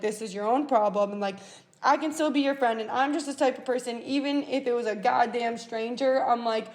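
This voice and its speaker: A woman in her twenties hosting a podcast, telling a personal story in a casual, animated way, swearing freely and acting out what people said. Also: fairly high pitch. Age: 20s. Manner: animated, swears freely, acts out quoted voices. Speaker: podcast host.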